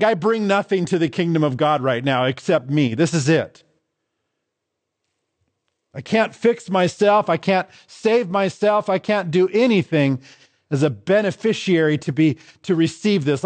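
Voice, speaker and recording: A man's voice: on the high side, normal speed, no echo. A man preaching a sermon as pastor, stressing and repeating his key phrases in contrasting pairs.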